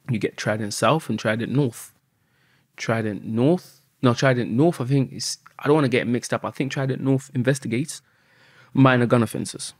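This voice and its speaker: Husky man telling a story. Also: mid-range voice, dry recording, clean studio sound. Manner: animated, swears often, acts out quotes. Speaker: podcast guest.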